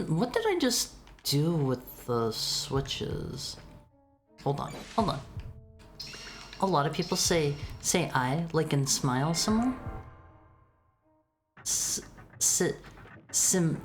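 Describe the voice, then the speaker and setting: A woman streaming a retro game and chatting casually with viewers, often stammering and repeating her words. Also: low-pitched. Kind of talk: casual chat while playing a retro game. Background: faint game music.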